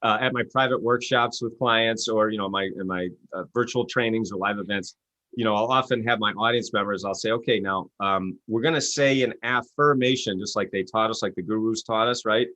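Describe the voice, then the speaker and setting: On a dry recording, a man speaks a little fast while guesting in an interview. He's an author and coach who tells stories with animation, playing out quoted voices at a rising pitch.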